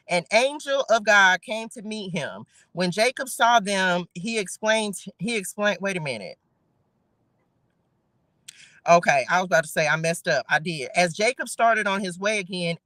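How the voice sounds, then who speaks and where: A woman leads a casual livestream Bible study in a bright, forceful voice. She reads scripture aloud and breaks off to chat playfully with her viewers, laughing as she goes. The sound is dry, with no room echo. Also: medium pitch. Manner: chatty and playful, laughing, talking straight to viewers.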